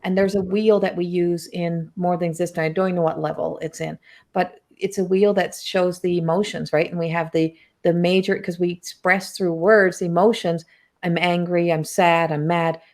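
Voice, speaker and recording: A woman hosting a spiritual coaching podcast, telling stories in an animated, chatty way with lots of filler words. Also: fairly low pitch, moderate pace. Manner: animated storytelling, heavy use of "like". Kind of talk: casual podcast conversation.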